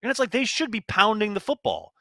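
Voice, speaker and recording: A man's voice: sits high, wildly swooping pitch, quick pace, pushed and bright, no room sound. A man co-hosting a casual sports podcast, talking emphatically with frequent exclamations. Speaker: podcast co-host.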